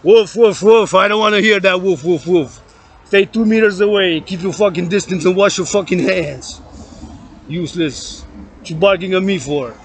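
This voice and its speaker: A man from Canada giving a loud, profane, rambling rant, chanting and repeating words. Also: sits high, moderate pace. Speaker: vlogger.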